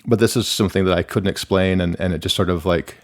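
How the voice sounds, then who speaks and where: A man's voice: low-pitched, steady tone, fast. A middle-aged man from Michigan, a musician guest, talking candidly and rambling with many restarts and fillers. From Michigan, USA. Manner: rambling, self-interrupting, many "like"s. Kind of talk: candid conversational interview.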